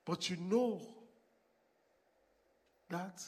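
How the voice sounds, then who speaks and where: A man preaching a sermon with sung worship, impassioned, swinging between hushed and loud lines. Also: sits high, drawn-out words, slightly rough. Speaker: pastor.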